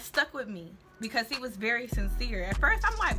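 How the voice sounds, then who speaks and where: A woman's voice: fairly high pitch, very animated, fast talker, hardly any pauses. A young woman tells a personal story in a candid, slangy, faith-centered vlog. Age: young adult. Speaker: vlogger. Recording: music playing underneath.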